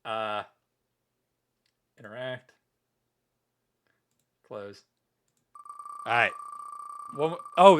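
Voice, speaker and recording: A man's voice: medium pitch, expressive, slow pace, long pauses, slight background noise. A man streaming casually, joking and ranting as he chats with viewers and drops "meow" into his sentences. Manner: joking, rambling, tacking "meow" onto sentences. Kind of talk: casual livestream chat.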